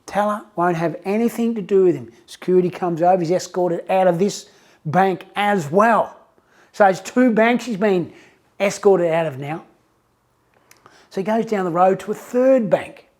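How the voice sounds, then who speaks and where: A man, a success coach, telling a story in a casual, animated way with frequent restarts. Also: high-pitched, moderate pace. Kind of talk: motivational storytelling.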